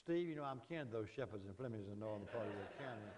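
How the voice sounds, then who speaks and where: A Southern man putting on the voice of an aging governor in a wheelchair, slow and drawling, repeating the same stories. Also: fairly low pitch, expressive, noisy background, lightly acted. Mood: reminiscing. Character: aging male governor in wheelchair, reminiscing, repetitive.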